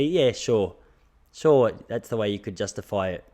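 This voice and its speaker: A man's voice: lowish voice, lively intonation, normal speed, warm tone. A young Australian man hosting a podcast, telling casual stories with frequent laughs and self-mocking asides. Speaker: podcast host. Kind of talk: casual solo storytelling.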